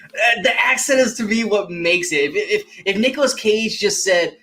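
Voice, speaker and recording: Bright, excitable male movie fan. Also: high-pitched, normal speed. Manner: enthusiastic, laughs often, quotes lines in bursts. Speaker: podcast co-host. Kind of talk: casual movie chat.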